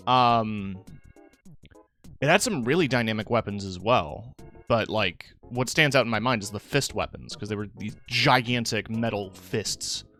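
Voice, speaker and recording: Man, young adult, live streamer, casual rambling chat, tired, faint music behind. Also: mid-range voice. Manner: rambling, relaxed, talks to chat with fillers. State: tired, yawning.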